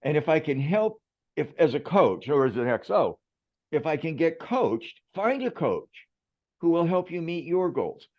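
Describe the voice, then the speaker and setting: A man's voice: fairly high pitch, very animated, a little slow. Man guesting on a podcast, chatty reflective storyteller, kinda dull lo-fi audio. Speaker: podcast guest, management expert. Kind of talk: conversational storytelling.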